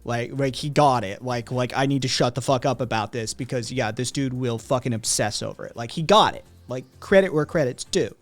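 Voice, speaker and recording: A man's voice: medium pitch, fairly quick, hardly any pauses, faint music behind. A man hosting a livestream, telling a rambling, profane story to his chat with lots of "right?" asides. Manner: rambling, heavy swearing, frequent "right?" asides. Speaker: livestream host.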